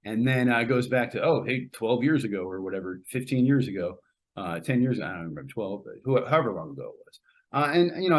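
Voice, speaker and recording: A middle-aged man hosting a podcast, giving a casual, rambling film review full of fillers and restarts. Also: lowish voice.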